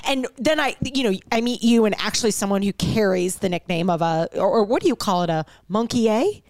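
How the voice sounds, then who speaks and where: Bubbly woman podcast host, lively pitch. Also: fairly quick, dry recording. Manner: bubbly, animated, with playful asides. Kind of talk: casual interview chat and ad read.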